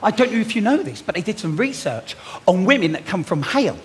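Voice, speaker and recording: A man doing a magic act on a theatre stage, bantering cheekily and loudly with the audience. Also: high voice, sing-song, fast. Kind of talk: comic stage patter with audience. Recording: live theatre with loud crowd and noise.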